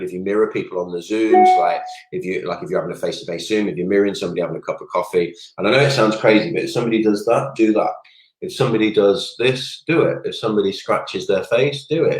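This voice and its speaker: Low-voiced coach, energetic and rambling. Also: male voice. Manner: energetic, rambling, goes off on tangents. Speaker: network marketing coach. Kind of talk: casual livestream coaching talk. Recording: roomy echoey room sound.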